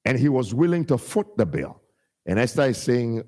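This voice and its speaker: A man preaching a sermon, with a chanting cadence that climbs into shouts and then drops low and quiet as he quotes scripture. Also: sing-song, normal speed. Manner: sing-song preaching cadence, rising to shouts and dropping low when quoting scripture. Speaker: pastor.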